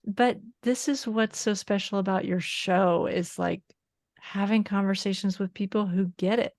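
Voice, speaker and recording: A woman's voice: medium pitch, fairly even intonation, normal speed, a little mellow, no room sound, clean studio sound. A woman guest on a podcast, talking earnestly and openly in a candid conversation. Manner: earnest, emotionally open.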